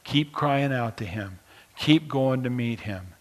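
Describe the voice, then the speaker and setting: A man preaches a sermon at a middle pitch. He reads scripture loudly and with force, then drops to quiet, pastoral asides. His voice rings with the long reverb of a hall. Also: expressive, slow. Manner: swings between loud emphatic scripture reading and quiet pastoral asides.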